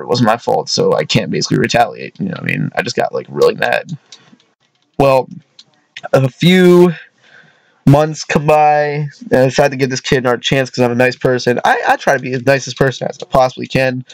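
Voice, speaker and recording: A man's voice: mid-range voice, no echo. Rambling young man telling a story. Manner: rambling, with frequent restarts and "you know what I mean". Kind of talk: casual storytime.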